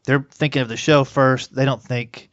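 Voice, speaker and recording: A man's voice: medium pitch, fairly even intonation, normal speed, a bit bright, dry recording. Dry-sounding male podcast host. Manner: brief backchannels and reflective comments. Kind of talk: casual interview chat. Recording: dry, slightly dull lo-fi audio.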